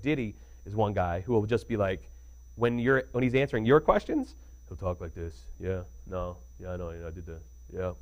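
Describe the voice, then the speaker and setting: A man's voice: fairly low pitch, a little mellow. A young adult man, a radio DJ, telling stories as a guest in casual interview chat, laughing often and doing playful impressions.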